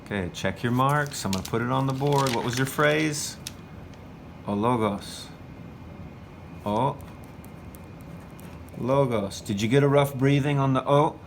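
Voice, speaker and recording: A patient male teacher walks an imagined class through a lesson, saying each phrase slowly and asking them to repeat it. His voice sits at an ordinary pitch and he praises the class often. A faint noise sits under the recording. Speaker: Greek teacher trainer.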